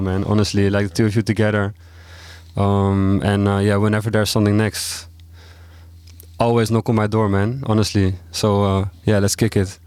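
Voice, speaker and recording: Host guy wrapping up, hyped and repeating himself, low voice, dry. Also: a little mellow, clear, resonant tone, no room sound. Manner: enthusiastic, repeats words. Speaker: podcast host. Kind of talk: casual sign-off.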